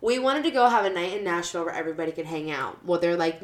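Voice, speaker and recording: A woman's voice: lowish voice, fast, hardly any pauses. Blunt, profane woman telling a story. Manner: blunt, profane, animated retelling. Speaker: podcast host. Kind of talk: casual storytelling chat.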